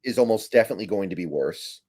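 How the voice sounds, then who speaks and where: A man's voice: fairly low pitch, animated, quick pace, a little mellow. A man giving blunt, matter-of-fact takes as a guest analyst on a sports talk stream.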